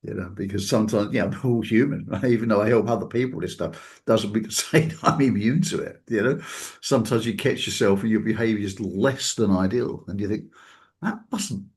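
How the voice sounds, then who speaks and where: A man's voice: lowish voice, a little fast, darkish tone. A man hosting a reflective talk show, speaking loosely and conversationally, with frequent fillers and chuckles, acting out the people he quotes. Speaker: podcast host.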